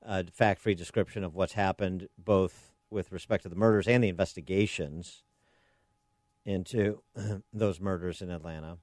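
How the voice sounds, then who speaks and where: A man's voice: low-pitched, darkish tone, no echo, clean studio sound. A man hosting a talk radio show, delivering opinionated commentary and firing off repeated rhetorical questions.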